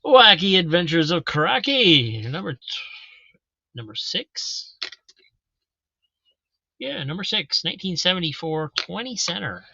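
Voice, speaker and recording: A man's voice: sits high, big pitch swings, unhurried, vocal fry, long pauses, pushed and bright, breathy edge, no echo, muffled recording. A man casually hosting a live comic book auction, chatting as he describes each issue.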